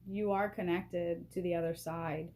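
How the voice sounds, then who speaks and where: A woman giving a casual spiritual card reading at a table, excitable and emotional, laughing often and speaking straight to the viewer through a camera propped on a box. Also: on the low side, normal speed. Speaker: vlogger doing a card reading. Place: at a table indoors.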